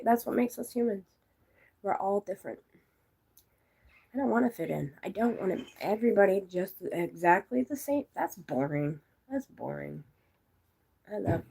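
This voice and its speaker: A woman's voice: mid-range voice, vocal fry, mellow, breathy edge. A giggly, silly woman chatting casually with her viewers, rambling and laughing often. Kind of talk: casual live chat.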